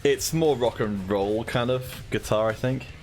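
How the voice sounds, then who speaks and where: A man's voice: medium pitch, unhurried, a little mellow, soft background music. A man co-hosting a live stream, chatting casually and laughing often. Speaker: streamer and co-host.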